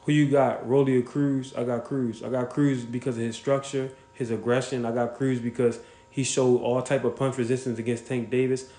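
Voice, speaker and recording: A man hosts a casual livestream, speaking bluntly and swearing freely as he reacts to viewers and calls them out by name. His voice sits at an ordinary pitch for a man, and the sound carries a roomy echo. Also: little pitch movement, normal speed. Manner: blunt, profane, shouts out viewers. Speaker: livestream host.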